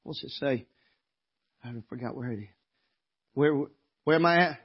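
A man preaching a sermon in church as pastor, moving from quiet scripture reading to impassioned, tearful shouting. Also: medium pitch, moderate pace, husky. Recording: dull lo-fi sermon recording.

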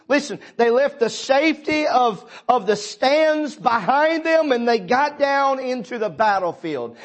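A man pastor preaching a sermon, swelling loud and dropping low, calling on congregation members by name.

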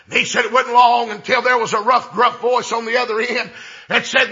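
A man preaching a storytelling sermon, folksy and drawn out, building up to shouted exclamations. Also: extremely high pitch, flat delivery, a little fast, muffled recording.

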